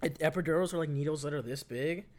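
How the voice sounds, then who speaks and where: This young man's voice is fairly high and his pace quick as he spins out a long, meandering story. He curses nonstop and keeps reaching for fillers such as "like."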